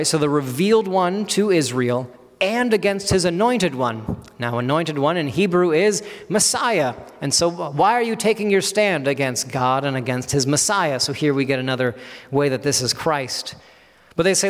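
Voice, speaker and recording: A man's voice: a little high, lively intonation, normal speed. A man in his thirties giving an earnest expository sermon, walking through a psalm section by section and acting out the quoted voices. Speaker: preacher. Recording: long reverb of a large hall.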